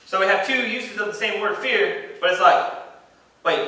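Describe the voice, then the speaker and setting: Man preaching, fairly high bright voice, emphatic and repetitive, echoey church room, heard from a distance. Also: a little fast. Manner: emphatic, repeats phrases, reads scripture aloud. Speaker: pastor. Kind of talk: sermon. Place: church sanctuary.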